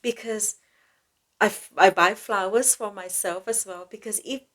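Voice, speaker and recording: Slow, gentle woman speaking softly. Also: mid-range voice. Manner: gentle, slow, soothing, non-native grammar. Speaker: podcast host. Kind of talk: spiritual self-help talk.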